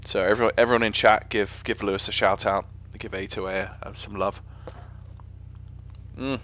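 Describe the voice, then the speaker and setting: A man from England talks loosely on stream while piloting a flight simulator, drifting between thoughts and revising his words. His lowish voice holds a fairly even intonation at a moderate pace, with a fairly bright tone.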